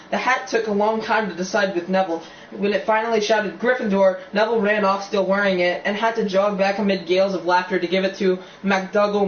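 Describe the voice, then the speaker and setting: An amateur audiobook reader narrating a novel, stumbling and restarting now and then, with casual asides. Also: medium pitch. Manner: reads with slips and restarts, chatty asides. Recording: dull, roomy, distant recording with faint hiss.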